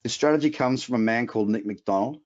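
A man's voice: mid-range voice, fast. Brief: middle-aged Australian man with a slight English lilt, punchy coach delivery, mid-range voice, dull lo-fi sound. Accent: Australian with a trace of English. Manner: emphatic, motivational, chatty with asides. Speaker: trading coach. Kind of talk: webinar presentation. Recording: muffled lo-fi webinar audio.

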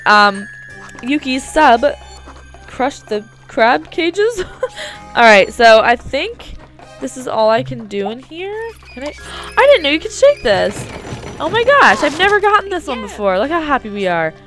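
A young woman chatting casually with lots of fillers as she plays a video game. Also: high voice. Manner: chatty, filler-heavy, excitable. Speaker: let's play host. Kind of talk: casual gameplay commentary.

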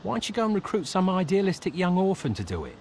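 An actor playing a sarcastic, greedy rogue hero with a dry, mocking, impatient way of talking in a video game. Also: male voice, sits high, huge pitch swings, quick pace, darkish tone, slight background noise, heavily acted.

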